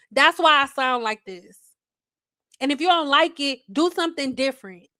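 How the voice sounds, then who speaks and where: A high-pitched woman talking close to a dry mic in a casual livestream rant. She is blunt, exasperated and swears freely. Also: lively intonation, normal speed, sharp tone, no room sound. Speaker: hair care educator. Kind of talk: casual ranting livestream talk.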